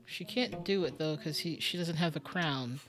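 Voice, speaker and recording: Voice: mid-range voice, moderate pace, over music. A streamer thinking aloud during a casual live-stream game commentary, muttering and musing with lots of fillers.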